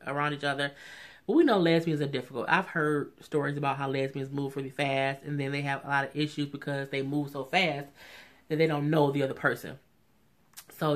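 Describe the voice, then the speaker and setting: A vlogger recapping a reality show in a casual, opinionated chat, often saying "you know what I'm saying". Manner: acts out quotes in a high, mocking voice.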